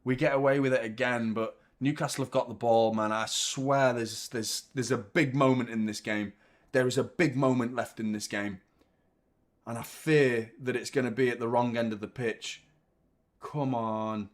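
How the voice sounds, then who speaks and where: Male watchalong host, excitable live match reactions, loud, sweary. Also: mid-range voice, normal speed. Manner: excitable, swears, shouts at the play.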